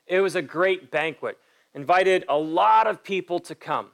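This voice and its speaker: A man's voice: high voice, measured pace, creaky. A man preaching a sermon as pastor, emphatic and direct, putting pointed questions to his listeners. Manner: acts out quoted voices in a story.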